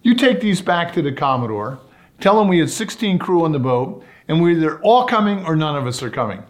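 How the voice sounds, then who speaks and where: A man's voice: on the high side, sing-song, brisk, pitched above the performer's own voice. A man putting on a blunt, demanding yacht owner. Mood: insistent. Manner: blunt and insistent.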